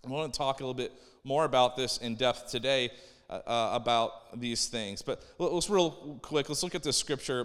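A man's voice: medium pitch, fairly bright tone, clean tone. Preaching man in a reverberant hall. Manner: conversational preaching with stammered restarts. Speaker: pastor. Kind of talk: sermon.

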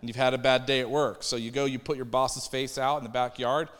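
A man preaches in an easygoing, conversational way, now and then dropping into the voices of people he quotes. His voice sits at an ordinary middle pitch. The sound has the long reverb of a large church hall. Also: level tone, brisk, a bit bright. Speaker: pastor. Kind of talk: sermon. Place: church sanctuary.

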